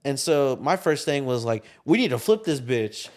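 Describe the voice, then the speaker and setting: A man's voice: mid-range voice, normal speed. A young man co-hosting a casual talk show, telling a story with lots of swearing and acted-out quotes, recorded in a parked car. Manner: animated storyteller, acts out quotes, swears freely. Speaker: podcast co-host.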